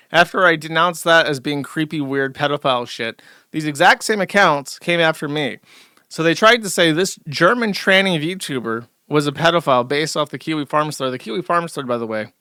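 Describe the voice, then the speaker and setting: A man's voice: fairly high pitch, pushed and bright, smooth, no echo, clean studio sound. A man hosting a live stream, talking in a sardonic, rambling way full of restarts. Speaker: streamer host. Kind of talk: casual live-stream commentary.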